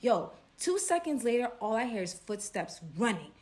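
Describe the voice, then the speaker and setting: A young woman, spinning a dramatic storytime in a chatty, casual way. Her voice sits fairly high, and she keeps checking in with listeners with "right?". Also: very animated, moderate pace, a little mellow. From Brooklyn, New York. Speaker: storyteller vlogger.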